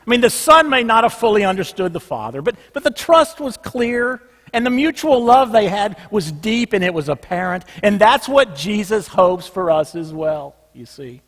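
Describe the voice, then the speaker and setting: A pastor with a notably high voice delivers a sermon, pressing each point with emphasis and then easing into a hushed, low refrain. His words ring out with a long reverb from a large church. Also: sing-song, normal speed, few pauses. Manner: emphatic, drops soft and low on a repeated refrain. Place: church sanctuary.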